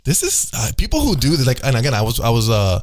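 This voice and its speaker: A man hosting a casual chat show, rambling and halting through his thoughts with many restarts. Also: medium pitch, wildly swooping pitch, a little mellow. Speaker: host.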